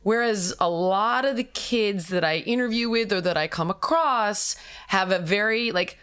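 A middle-aged woman talking casually as a podcast guest, blunt and profane, telling animated stories. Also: medium pitch, moderate pace, smooth. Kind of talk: casual roundtable talk.

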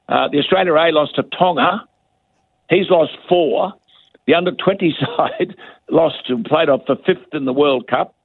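A man's voice: a little high, no room sound. An older man giving blunt, scathing radio commentary as a guest, heard over a phone line. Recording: dry tinny phone line.

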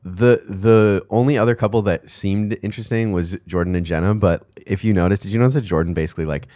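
A man's voice: low-pitched, quick pace, warm tone, no echo, clean studio sound. A man co-hosting a podcast, chatting animatedly about a show, laughing often and restarting his sentences. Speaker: podcast co-host. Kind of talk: casual recap chat.

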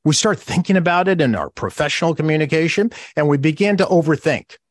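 A man's voice: on the high side, expressive, fast talker, no room sound, clean studio sound. A man who is an author, giving a podcast interview and explaining his points with emphasis, acting out the phrases he quotes.

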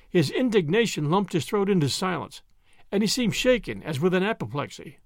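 A male audiobook narrator reads with expressive, dramatic phrasing. His voice sits fairly high and moves a lot, with a gravelly texture. The recording is dry and close. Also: brisk, no echo. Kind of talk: scripted narration.

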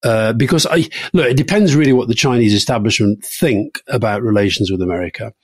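A middle-aged man co-hosting a political podcast, telling anecdotes in a lively, casual way. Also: mid-range voice, fairly quick, breathy edge, no echo. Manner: anecdotal, lively storytelling with laughs. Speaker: podcast co-host.

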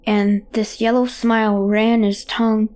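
A woman with a soft, mellow tone tells a creepy first-person tale. She talks in halting, hushed phrases, like a frightened child trying to explain, and often stumbles over her own words. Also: a little high, level tone. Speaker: storyteller. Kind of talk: first-person horror story narration.

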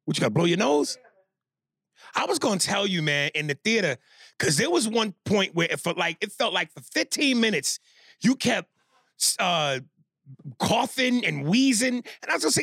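A man's voice: high-pitched, very animated, normal speed, vocal fry, fairly bright tone, slightly rough, no echo, studio quality. A man co-hosting a podcast, trading crude jokes in casual chat. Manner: crude, joking banter. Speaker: podcast co-host.

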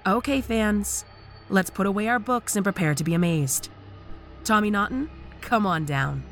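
A man voicing an excitable woman English teacher who gushes breathlessly. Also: sits high, normal speed, soft background music, pitched above the performer's own voice. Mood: giddy. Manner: gushing, breathless.

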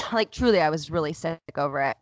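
Low-voiced mom telling a story candidly. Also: female voice, animated, moderate pace, no echo. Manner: candid, emotional, heavy use of "like". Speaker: podcast host. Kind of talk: casual storytelling chat.

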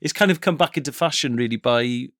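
A man's voice: mid-range voice, quick pace, a bit bright. Thoughtful man with a West Walian accent. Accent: West Walian Welsh. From West Wales. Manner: thoughtful, explanatory, chuckles often. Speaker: podcast co-host. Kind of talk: casual podcast chat.

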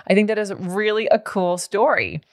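A woman's voice: medium pitch, animated, moderate pace, no room sound, studio quality. A woman hosting a casual interview, upbeat and encouraging, laughing along with her guest. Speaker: podcast host.

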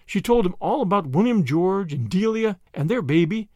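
Male storybook narrator, high-pitched and very lively, dry booth sound. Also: normal speed, no room sound. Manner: expressive, animated reading.

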